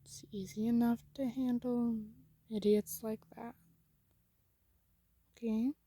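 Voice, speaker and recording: Whispered role-play: a soothing, husky male toon boyfriend, as a woman reads him, slow and mellow. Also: fairly high pitch, little pitch movement, no echo. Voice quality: soft whisper.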